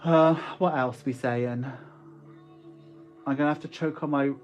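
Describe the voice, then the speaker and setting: A man's voice: fairly high pitch, fairly even intonation, a little slow, muffled recording, soft background music. A man with a West Country accent chatting casually on a live stream as an online shop owner, reading viewer comments aloud and laughing often. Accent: West Country English.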